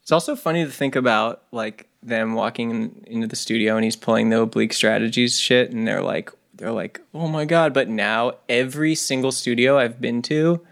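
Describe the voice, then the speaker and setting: A man's voice: mid-range voice, moderate pace, vocal fry, few pauses, a bit bright. A man on a band podcast musing loosely in casual chat, with many fillers. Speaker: band member podcast host.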